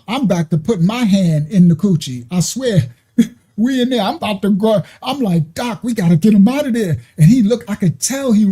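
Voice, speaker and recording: A middle-aged man telling a story in an animated, rambling way, laughing and mimicking sounds. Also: high voice, breathy edge. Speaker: ministry speaker. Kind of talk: casual storytelling.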